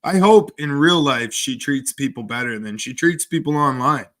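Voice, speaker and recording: A man's voice: mid-range voice, expressive, a bit bright. A man, livestreaming and answering chat with crude, sarcastic banter. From Canada. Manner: sarcastic, crude, slow drawl.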